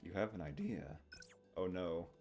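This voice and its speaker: A man's voice: sits low, measured pace, a little mellow, faint music behind. A male streamer giving casual, rambling gaming commentary into a desk microphone, laughing often.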